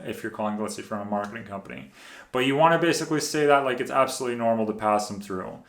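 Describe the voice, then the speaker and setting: A man's voice: on the low side, quick pace. Man teaching sales in an echoey room. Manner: conversational, explains step by step with frequent restarts. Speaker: sales trainer. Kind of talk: instructional talk to camera.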